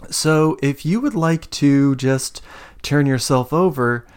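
Man doing a high silky voice, menacing female commander, patronizing, tabletop game villain. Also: takes it slowly, smooth. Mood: silkily menacing.

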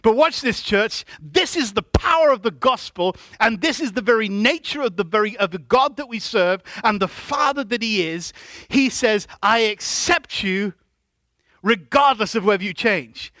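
A man preaching a sermon in a church, calling on the congregation to answer back and rising to loud emphatic shouts. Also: high voice, expressive, normal speed, dry recording. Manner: preaching with call-and-response to the congregation. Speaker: pastor.

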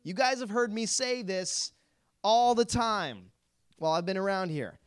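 A young youth pastor gives a casual Bible talk to a youth group in a high, expressive, smooth voice that moves a little slowly. He's chatty, fills his speech with "like," and quizzes his listeners.

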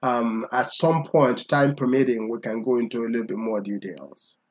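A man's voice: medium pitch, normal speed. Patient man teaching tones, often asking okay?. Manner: patient, repeats "okay?" to check understanding. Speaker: language teacher. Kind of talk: conversational language lesson.

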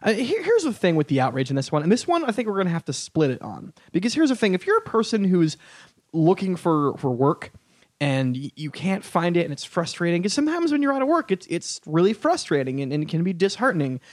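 A man's voice: high-pitched, wildly swooping pitch, a little fast, dry recording, clean studio sound. A man hosting a casual podcast chat who laughs often and swears freely. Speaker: podcast host.

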